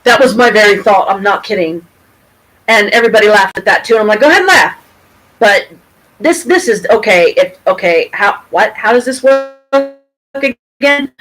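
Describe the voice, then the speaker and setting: A woman's voice: mid-range voice, moderate pace, poor audio. Rambling middle-aged woman vlogger. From Pontiac, Michigan, USA. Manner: rambling, animated, with restarts and swearing. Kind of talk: casual storytelling to camera. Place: at home, with her cat nearby.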